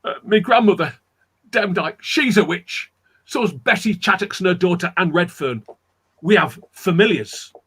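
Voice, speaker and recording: A man's voice: sits high, lively intonation, unhurried, fairly bright tone, husky, exaggerated voice. A man voicing a fourteen-year-old girl who confesses deferentially, repeating "sir". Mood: pleading.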